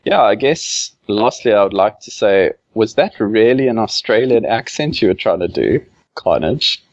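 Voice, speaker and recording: A man's voice: on the low side, big pitch swings, normal speed, dry recording. A man, a game developer guest, chatting casually on a podcast, rambling with many fillers. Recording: dull lo-fi remote audio.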